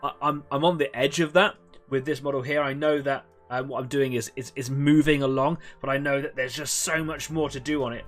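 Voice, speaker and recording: A man hosting a live painting stream, chatting in a relaxed, rambling way to viewers while he works. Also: medium pitch, brisk, faint music behind. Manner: chatty, rambling, self-deprecating. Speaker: host of an online painting club stream. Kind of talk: casual live-stream chat.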